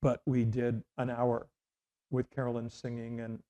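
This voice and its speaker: A man's voice: medium pitch, monotone, unhurried, warm tone. A middle-aged man from Canada, a former radio host, telling rambling anecdotes in an interview with many restarts and fillers. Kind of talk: casual interview storytelling.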